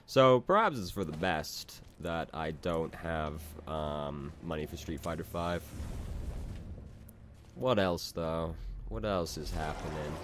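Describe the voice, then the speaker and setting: A man's voice: extremely low pitch, expressive, slow, noisy background. A man hosting a let's play, chatting casually and rambling, with frequent restarts and swearing, close to the mic. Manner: rambling, self-interrupting, casually profane. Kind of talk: casual gameplay commentary. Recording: game music playing underneath.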